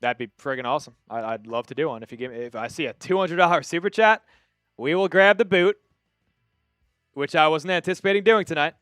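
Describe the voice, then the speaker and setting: A man's voice: on the high side, a little fast, fairly bright tone, smooth, no room sound, clean studio sound, faint music behind. A man from Long Island hosting a live football watch-party stream, calling plays and chatting casually with viewers. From Long Island, New York. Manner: casual, chatty, reads viewer messages aloud. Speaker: livestream host. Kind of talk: live game watch-party commentary with chat.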